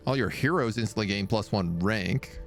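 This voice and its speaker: A man's voice: lowish voice, normal speed, soft background music. A man casually commenting on a strategy game he is streaming live, talking to his units and making playful sound effects.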